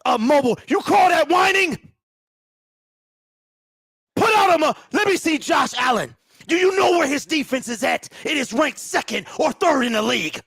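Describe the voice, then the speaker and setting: A man's voice: extremely high pitch, expressive, a little fast, creaky, fairly bright tone, no echo, studio quality. A man hosting a postgame fan call-in show, ranting in a heated, exasperated way and repeating himself.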